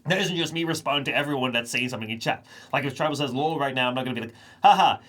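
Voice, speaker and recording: A young man talks straight to his live chat and thinks aloud as he goes, looping back to rephrase his points. He speaks quickly in an ordinary mid-range voice, in a loose, unscripted monologue. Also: medium pitch, bright, forceful tone. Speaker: streamer.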